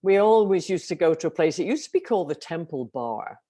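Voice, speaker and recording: An older woman from Liverpool with a softened Liverpool accent, chatting as an interview guest and telling stories. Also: lowish voice, very animated. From England. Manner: chatty storyteller, quick affirmations. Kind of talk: casual interview chat.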